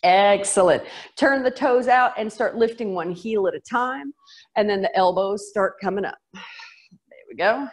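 A woman's voice: medium pitch, normal speed, low-quality recording. A middle-aged woman with a Southern US accent, leading a workout class in a bubbly, playful way. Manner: bubbly, playful, with little sound effects and laughs. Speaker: fitness instructor. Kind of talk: guided workout instruction.

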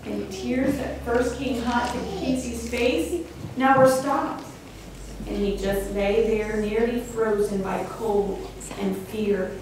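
A woman reading a suspenseful children's story aloud in a church, with expressive storytelling. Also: a little high, slow pace, background noise. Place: church sanctuary. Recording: very echoey hall, distant mic.

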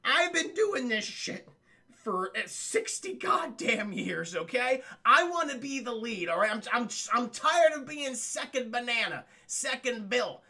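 A man's voice: very high-pitched, big pitch swings, unhurried, pushed and bright, full character voice. A man voicing an angry male cartoon duck who complains, swearing as he goes. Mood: indignant. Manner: complaining, profane.

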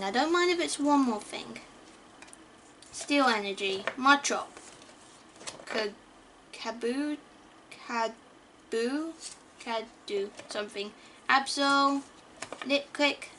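A high-pitched woman talks slowly and casually as she opens card packs at home. She is chatty, often stumbles over card names and gasps at good pulls. A faint hum of room noise sits behind her voice. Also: sharp tone. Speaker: YouTuber opening trading card packs. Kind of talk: casual card-opening commentary.

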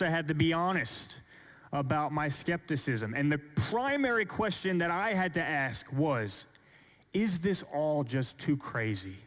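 A man giving a Christian apologetics talk to an audience, earnest and deliberate, building up rhetorical questions and slowing down for emphasis. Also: on the high side. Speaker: Christian speaker.

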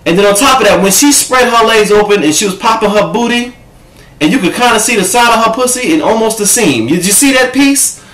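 A man vlogging a casual reaction-video rant from home, sassy, profane and animated, talking to his own camera. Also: sits high, a little fast. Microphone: camera set up in front of him. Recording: echoey room.

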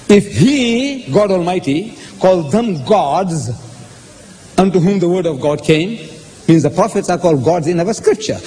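A man arguing his case in a public religious debate, animated and lecturing, acting out the lines he quotes. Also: fairly high pitch. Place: debate hall. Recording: echoey hall, faint background noise.

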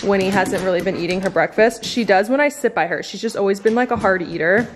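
A woman's voice: medium pitch, quick pace. A woman vlogging at home in casual chat to camera, talking loosely with lots of "like" and "um" fillers. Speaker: lifestyle vlogger. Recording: echoey room, faint noise.

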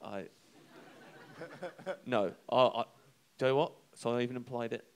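A young man telling a comic anecdote on a live show, halting and self-deprecating, chuckling between lines. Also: mid-range voice, fairly even intonation, clean tone. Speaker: comedian telling a story.

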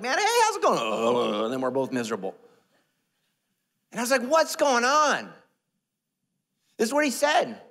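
A man preaching a sermon as pastor, animated and joking, dropping to a hush and jumping up loud. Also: high-pitched, big-room sound. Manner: animated, joking, swings between loud and hushed. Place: church sanctuary.

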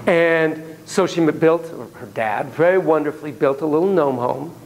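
Man lecturing, playful storyteller, a bit high voice, faint hiss behind. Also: moderate pace, poor audio. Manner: animated, playful, acts out sound effects.

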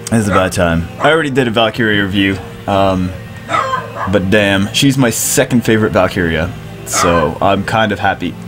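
A man giving excited commentary over a mobile game, giddy, loud and swearing, laughing as he plays. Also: on the low side, normal speed, over music. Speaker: mobile game video creator.

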